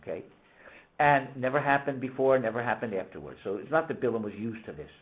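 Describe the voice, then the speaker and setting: Guy teaching torah, gets all animated asking questions, sounds like over a phone. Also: medium pitch, fast talker, narrow, tinny audio. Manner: animated storytelling, rising emphatic questions. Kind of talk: casual Torah lesson.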